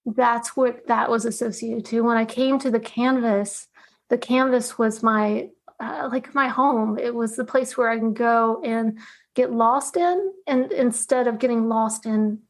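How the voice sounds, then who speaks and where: A woman's voice: fairly high pitch, unhurried. A woman guest recounting a personal story with emotion, laughing often and acting out the conversations she had. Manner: tearful, laughs often, acts out dialogue. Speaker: guest, artist.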